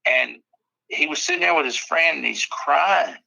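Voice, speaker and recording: A man's voice: fairly high pitch, animated, normal speed, gravelly, pushed and bright, no echo, low-quality recording. A man in a casual podcast chat, telling rambling stories full of swearing. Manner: profane, rambling storyteller. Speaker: podcast guest or co-host.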